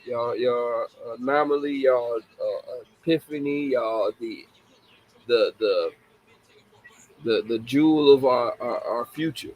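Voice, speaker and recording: A man's voice: medium pitch, takes it slowly, muffled recording. Man in his forties, show host, casual live chat, laughs a lot, apologetic asides. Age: 40s. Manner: laughing often, apologetic, addressing children as babies. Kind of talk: casual livestream talk.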